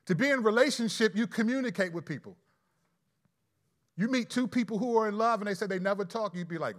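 A man preaching a sermon, emphatic, with sudden loud stresses and slowed key phrases. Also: high voice.

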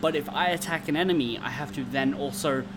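A man's voice: on the high side, a little fast, over music. A man co-hosting a podcast in casual chat, hesitant, with frequent restarts. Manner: hesitant, restarts, laughs easily. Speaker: podcast co-host.

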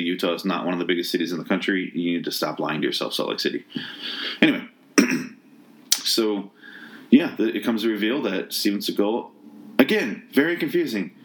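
A man reviewing a movie in a casual rant, sarcastic and exasperated, swearing often and restarting his sentences. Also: low-pitched.

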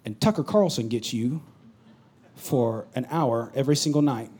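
A pastor preaching a sermon, swinging from loud urgent bursts to low confiding asides. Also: male voice, normal speed, slightly rough.

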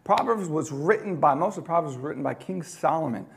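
A man preaching a sermon in a conversational way, swinging between loud emphatic lines and quiet, dropped ones. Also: fairly high pitch, expressive, fairly quick, creaky. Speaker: pastor.

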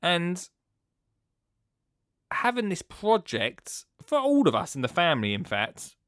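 A man's voice: sits high, huge pitch swings, takes it slowly, no echo, studio quality. Rambling man, chatty podcast host. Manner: rambling, chatty, jumps between loud and hushed. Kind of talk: casual chat.

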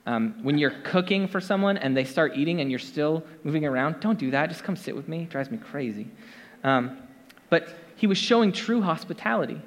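A pastor with a slightly high voice and lively intonation preaches at normal speed to his congregation. His sermon is casual and conversational, full of fillers and asides, and long hall reverb surrounds it.

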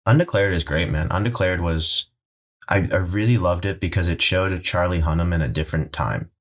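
A man chatting casually about movies on a podcast, rambling and excitable, swearing freely. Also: deep voice, brisk.

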